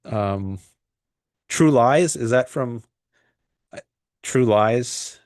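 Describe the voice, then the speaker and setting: A man hosting a casual livestream, chatting loosely and reading out viewer comments, with many pauses, fillers and restarts. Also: mid-range voice, a little mellow, no echo, studio quality. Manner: rambling and hesitant, frequent fillers and restarts. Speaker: livestream host.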